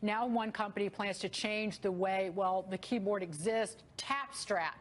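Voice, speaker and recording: Brisk upbeat female news anchor. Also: mid-range voice. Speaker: morning news host.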